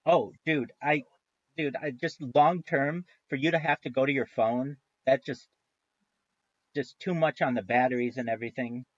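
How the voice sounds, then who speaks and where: A man's voice: mid-range voice, fairly even intonation, normal speed, no echo, muffled recording. A man streaming live, chatting casually in a rambling way, with frequent restarts and free swearing.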